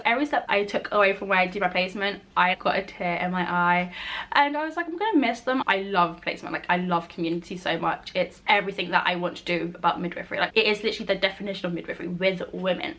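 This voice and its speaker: A woman's voice: on the low side, fast talker, a bit bright. A young woman, a student midwife, chatting enthusiastically to camera about her placement, full of "like" and "oh my gosh". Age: young adult. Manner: gushing, enthusiastic, chatty with many likes and oh my gosh. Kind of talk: casual chat to camera.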